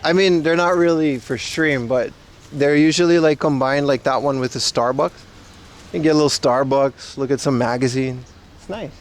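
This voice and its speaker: A man's voice: medium pitch, fairly even intonation, moderate pace. A man casually chatting with his livestream viewers while walking outdoors, loose and slangy. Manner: loose slangy banter, reads chat. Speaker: IRL livestreamer. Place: outdoors on city streets.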